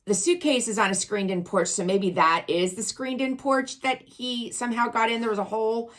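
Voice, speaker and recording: A woman co-hosting a casual chat podcast, telling excited stories. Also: on the high side, brisk. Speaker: podcast co-host.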